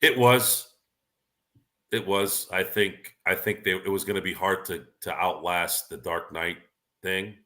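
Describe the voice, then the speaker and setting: A deep-voiced man hosts a casual talk show, talking in an opinionated and rambling way. His voice is low, bright and forceful, and he often restarts his sentences. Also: steady tone, unhurried. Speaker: podcast host. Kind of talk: casual sports and movie chat.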